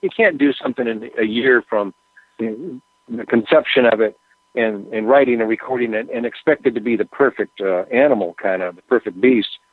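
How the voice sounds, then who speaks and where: A man, a musician guest, telling rambling anecdotes in a relaxed, casual interview with plenty of fillers. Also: mid-range voice, a little fast, slightly rough, dry recording. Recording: tinny phone line.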